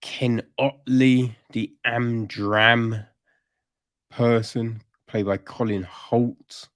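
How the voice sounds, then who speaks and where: A man's voice: mid-range voice, level tone, very slow, dry recording, studio quality. A man hosting a podcast, reviewing a TV series in a rambling, casual way that turns into exasperated, swearing rants.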